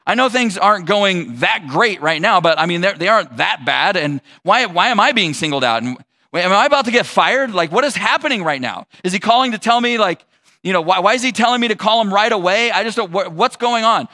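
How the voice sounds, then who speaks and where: A male pastor giving a conversational sermon, telling a personal story with animated asides. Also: high-pitched, a little fast.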